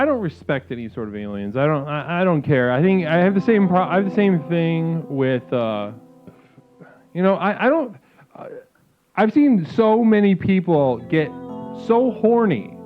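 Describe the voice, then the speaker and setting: A man hosting a call-in show in a grandiose, mock-spiritual manner, swearing freely. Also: a little high. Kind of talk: mock-guru call-in talk. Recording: phone-like lo-fi sound with music. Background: music.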